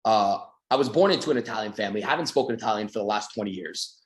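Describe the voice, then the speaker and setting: A man from Canada giving a motivational sales talk, energetic and acting out little scenes with his voice. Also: rapid-fire, reverberant. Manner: energetic, acts out quoted dialogue with big pitch swings. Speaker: sales coach.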